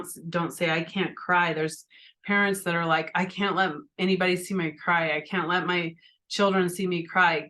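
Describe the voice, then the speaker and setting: A woman's voice: lowish voice, fairly bright tone. A middle-aged woman hosting a podcast, talking earnestly and from the heart, often restarting and asking "right?". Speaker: podcast host. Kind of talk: personal spiritual talk.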